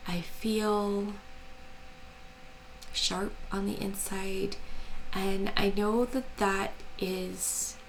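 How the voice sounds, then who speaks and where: An American woman hosting a crafting channel, chatting casually and hesitantly to camera in a soft, quiet voice with a gravelly edge and frequent ums. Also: medium pitch, fairly even intonation, a little hiss or hum, low-quality recording. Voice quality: gravelly, slow and soft-spoken.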